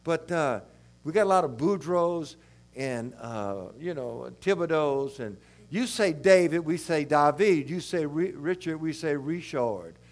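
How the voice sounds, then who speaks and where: An older man from South Louisiana with its accent, preaching a sermon in a rambling, folksy, animated way. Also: a little high, measured pace.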